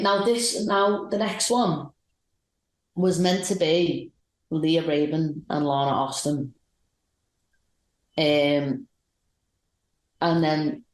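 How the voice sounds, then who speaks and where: A woman with a low, darkish voice co-hosts a podcast, recapping matches in a rambling, enthusiastic chat. The recording has a roomy, echoey sound.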